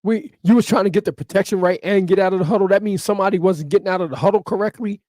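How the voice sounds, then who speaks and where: A man's voice: high voice, racing, darkish tone, dry recording, studio quality. A man ranting through sports opinion commentary, emphatic and repeating his points over and over.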